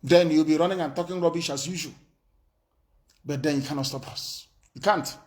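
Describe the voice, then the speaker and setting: A man's voice: a little high, normal speed. Fiery man, defiant address. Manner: defiant, emphatic, with rhetorical questions. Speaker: political broadcaster. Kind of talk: impassioned political address.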